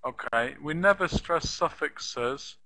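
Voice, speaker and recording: A man's voice: a little high, slow, bright, forceful tone, poor audio. A man teaching pronunciation in a live online class, patiently repeating example sentences and asking the students questions.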